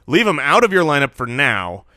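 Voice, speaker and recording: A man's voice: fairly high pitch, sing-song, moderate pace, bright, forceful tone, no room sound, clean studio sound. A man co-hosting a sports podcast, talking casually in an earnest, confident way. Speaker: podcast co-host.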